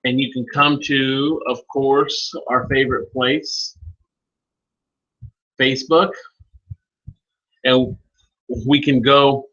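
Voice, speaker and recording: A man leading a live online training session, speaking informally and calling on attendees by name as he walks through software steps. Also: medium pitch, fairly even intonation, takes it slowly, pauses often, highs cut off. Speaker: webinar trainer.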